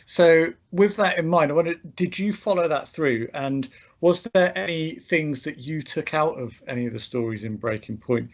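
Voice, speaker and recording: A man hosting a podcast, putting measured, thoughtful questions to an author. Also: fairly high pitch. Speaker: podcast host interviewer. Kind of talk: interview questions.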